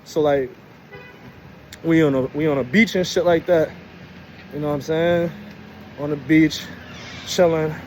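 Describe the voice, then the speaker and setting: A man's voice: on the high side, steady tone, a little slow, pauses often, darkish tone. A young man with a Brooklyn accent, casually telling a story in a loose, slangy way and often asking "you know what I'm saying". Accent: Brooklyn, New York. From Brooklyn, New York. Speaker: vlogger. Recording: noisy outdoor street recording.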